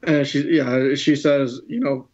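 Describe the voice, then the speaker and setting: A man co-hosting a podcast, calmly retelling a comic's dialogue in casual chat. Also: medium pitch. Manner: measured, retells dialogue plainly. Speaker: podcast co-host. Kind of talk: casual comic book discussion. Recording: dull lo-fi podcast audio.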